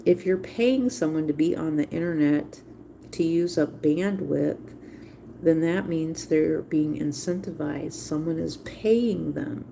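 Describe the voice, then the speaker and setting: A woman's voice: deep voice, vocal fry, warm tone, a little hiss or hum. A woman hosting a livestream, talking casually in a rambling way and repeating phrases for emphasis. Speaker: livestream host.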